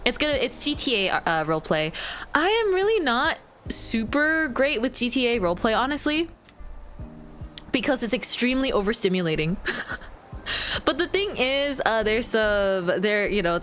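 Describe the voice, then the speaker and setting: A bubbly woman wraps up her stream in relaxed, giggly chat, her voice bouncing up and down as she rambles. Her pitch sits a little high, and soft music plays underneath. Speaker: VTuber streamer.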